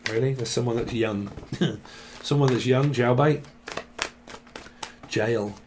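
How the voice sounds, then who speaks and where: A man's voice: mid-range voice, takes it slowly, noisy background. A young man, giving a casual tarot reading in a rambling, profane way and laughing often. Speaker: tarot reader.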